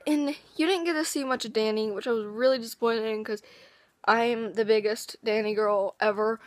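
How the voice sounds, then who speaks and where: Hoarse teen girl rambling excitedly. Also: fairly high pitch, fairly quick, no room sound. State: hoarse, lost voice. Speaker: vlogger. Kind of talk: casual storytelling.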